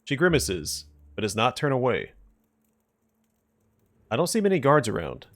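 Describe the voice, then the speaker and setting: A man hosting a let's play, reading the game's narration and dialogue aloud in a plain, relaxed way. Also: medium pitch, normal speed. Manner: plain, relaxed reading, declines doing accents.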